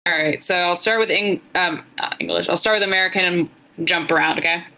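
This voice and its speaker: A woman co-hosting a podcast in casual chat, a bit tipsy, chatty and quick to laugh at herself. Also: fairly low pitch, bright, forceful tone, rough recording. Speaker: podcast co-host.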